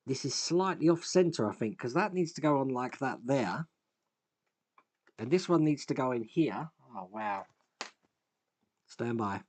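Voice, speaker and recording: A man chats his way through a fiddly model build at a workbench and talks to himself as he fits parts. His voice sits at a middle pitch, and he breaks in with small sighs and wry, self-deprecating asides. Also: lively intonation, normal speed, a little mellow. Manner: thinks aloud while working, self-deprecating, sighs and chuckles. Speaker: host, scale model builder. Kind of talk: casual build commentary.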